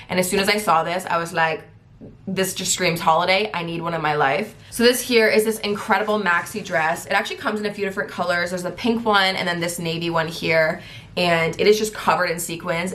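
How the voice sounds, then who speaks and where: A young woman presenting a casual gift guide vlog, talking fast in a giddy, excitable way. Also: on the low side. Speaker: beauty vlogger.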